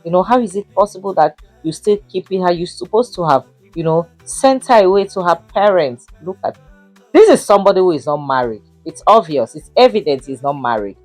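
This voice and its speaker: Expressive and brisk, her lowish, slightly mellow voice has no echo, with soft music in the background. This young woman critiques a drama show with emphatic indignation, repeating "you know" frequently in her casual take.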